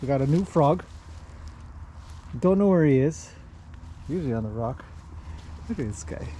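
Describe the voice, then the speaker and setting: A man's voice: fairly high pitch, animated, normal speed, dark tone, slight background noise. A man chatting casually in a vlog while walking outdoors among his horses, greeting them in a lifted, sing-song voice. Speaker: horse trainer and owner. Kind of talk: casual walk-and-talk vlog.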